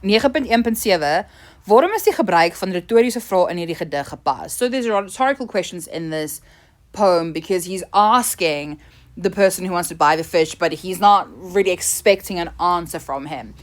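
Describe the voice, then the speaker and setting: A South African woman teacher talking through exam answers, switching between languages as she translates, her voice often trailing off quietly at line ends. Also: lowish voice, lively intonation, moderate pace. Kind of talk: exam revision lesson.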